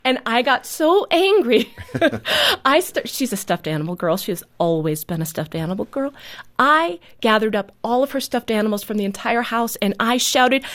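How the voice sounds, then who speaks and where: A woman telling a story from her life as a mother in a radio interview, earnest and animated, laughing often. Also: a little high, moderate pace.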